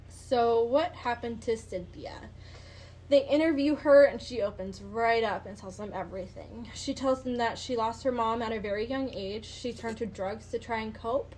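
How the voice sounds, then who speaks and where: A woman's voice: a little high, darkish tone, a little hiss or hum, poor audio. A woman hosting a podcast, telling a true-crime story in a casual, chatty way, with swearing and lots of "like" and "um". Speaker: podcast host.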